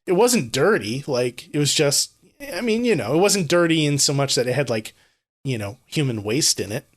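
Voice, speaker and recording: Giggly podcast co-host man, slightly high voice. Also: big pitch swings, normal speed. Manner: laughs often while telling stories, loose and joking. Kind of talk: casual chat.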